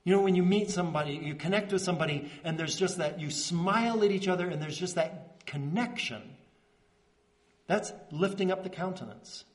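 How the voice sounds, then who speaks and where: A man preaching a conversational sermon as pastor, earnest and checking in with the congregation, slowing into soft pauses on key words. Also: sits high. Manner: earnest, checks in with "right?" and "okay?".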